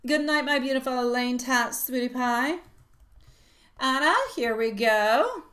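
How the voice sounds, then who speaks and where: A woman's voice: high voice, measured pace, fairly bright tone. Affectionate woman tarot reader. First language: French. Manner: affectionate, calls viewers sweetie and love. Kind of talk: casual live-stream chat. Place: at home.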